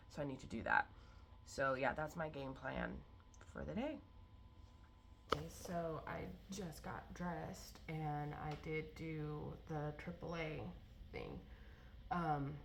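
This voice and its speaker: Low-voiced chatty woman vlogging. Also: creaky, slight background noise. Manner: rambling, chatty, lots of fillers and restarts. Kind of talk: casual vlog chat.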